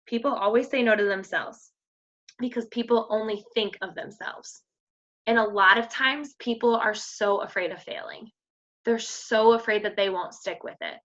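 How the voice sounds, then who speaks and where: A woman's voice: a little high, a bit bright, highs cut off. A woman coaching her fitness team in an emphatic, slangy pep talk. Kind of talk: motivational team call.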